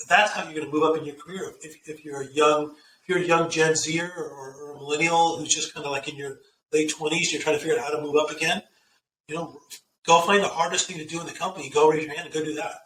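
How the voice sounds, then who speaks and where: A middle-aged man talking as an interview guest, telling career stories and giving earnest, animated advice. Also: fairly high pitch, a little fast, distant mic, slight background noise. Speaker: guest executive. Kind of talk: casual interview chat. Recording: echoey room, off-mic, faint ambience.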